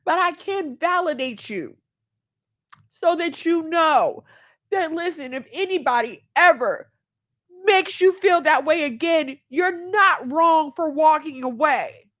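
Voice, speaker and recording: She's a podcast host in her thirties whose voice sits high with a bit of brightness. Talking personally to her audience, she shares candid, emotional thoughts on family and self-love.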